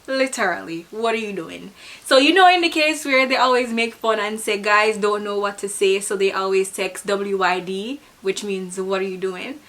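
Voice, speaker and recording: Chatty Jamaican woman, higher voice. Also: fairly bright tone. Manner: chatty, laid-back, laughs at herself. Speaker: vlogger. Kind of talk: casual explainer to camera.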